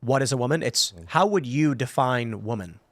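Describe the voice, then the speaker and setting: A man's voice: mid-range voice, moderate pace, no room sound. A man hosting a political panel show, talking animatedly and slipping into impressions of the people he quotes. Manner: animated, mimics others' voices mid-story. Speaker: show host.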